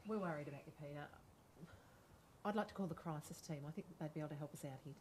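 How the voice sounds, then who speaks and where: A woman playing a supportive friend in a role-play, speaking gently and patiently to reassure him. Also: low voice, fast talker, slight background noise, close to an everyday voice. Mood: calm. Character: calm supportive friend talking someone down.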